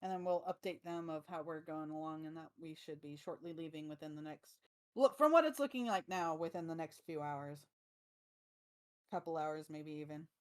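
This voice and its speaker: A woman player in a tabletop game chats casually with the group. Her voice sits slightly low. She thinks aloud and hesitates as she works through plans. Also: normal speed.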